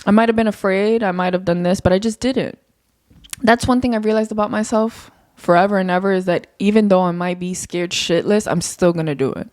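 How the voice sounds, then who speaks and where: A woman's voice: brisk, few pauses, no room sound, studio quality. Candid, rambling young woman podcaster. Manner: candid, rambling, swears casually, lively pitch jumps. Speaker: podcast host. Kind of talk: casual solo podcast monologue.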